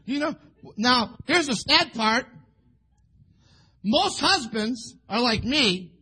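A man's voice: very high-pitched, expressive, takes it slowly, sharp tone, husky. A man preaching a sermon in a folksy, rambling way, acting out little scenes between husbands and wives. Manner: folksy, rambling, acts out quoted couples.

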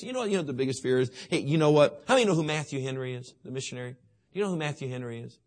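A man's voice: mid-range voice, animated, very fast. A man preaching a sermon to teenagers, emphatic and repetitive, often asking his listeners questions. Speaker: youth pastor.

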